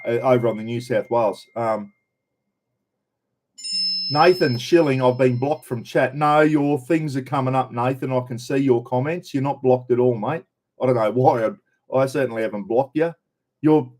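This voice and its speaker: A livestream host from Australia, his voice medium-pitched and a little mellow, talks casually from a caravan on the road. He calls out viewers by name in a relaxed, conversational style.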